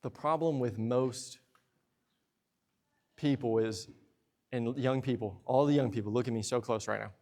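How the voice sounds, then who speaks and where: A young man preaching a sermon in a church, lively and talkative, slipping into playful asides. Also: mid-range voice, measured pace, long pauses. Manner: lively preaching, acts out husband and wife exchanges in asides. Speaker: pastor. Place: church sanctuary.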